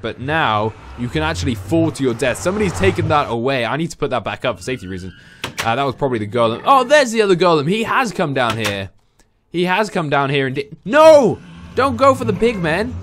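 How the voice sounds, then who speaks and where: A young man with a lively, swooping voice, chatting through a game and yelping at the creatures on screen. He talks into a desk mic, over a faint hiss of background noise. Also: mid-range voice. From England. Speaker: gaming YouTuber. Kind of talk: casual let's-play commentary.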